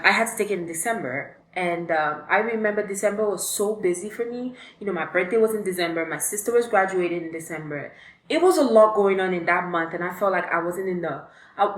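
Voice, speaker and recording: A woman's voice: fairly low pitch, a bit bright. A young woman, telling a story in a casual, chatty vlog with lots of fillers. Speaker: vlogger. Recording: echoey room.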